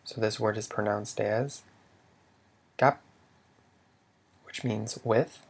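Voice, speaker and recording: A man teaching tone rules step by step, with a methodical manner, saying each example word louder than the rest. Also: on the low side, flat delivery, vocal fry, breathy edge. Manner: slow and methodical, says Lao example words louder. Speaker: language teacher. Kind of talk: screen-recorded tutorial explanation.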